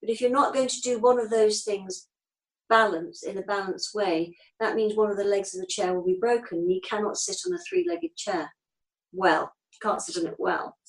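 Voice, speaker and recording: A woman in her fifties talks in a relaxed, chatty way as an interview guest. She is direct and down to earth, leaning on plain everyday examples. Her voice sits at an ordinary middle pitch. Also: normal speed, poor audio. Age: 50s. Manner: straight-talking, chatty, uses homely analogies. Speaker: acupuncturist guest. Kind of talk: casual interview chat.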